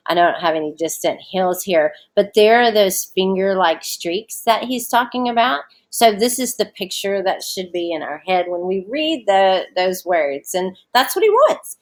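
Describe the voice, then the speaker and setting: A woman teacher giving a recorded online lesson from home, explaining a short story in a casual, chatty way with fillers. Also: medium pitch.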